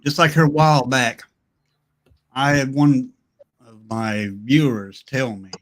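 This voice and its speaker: A man's voice: mid-range voice, slow pace. A man on a casual podcast chat who makes short, encouraging comments about streaming.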